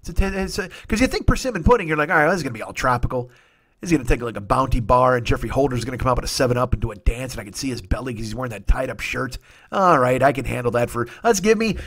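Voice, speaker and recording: A man in his forties hosting a comedy podcast, telling a rambling story, profane and excitable, often cutting himself off. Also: mid-range voice. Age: 40s. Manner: profane, excitable, self-interrupting.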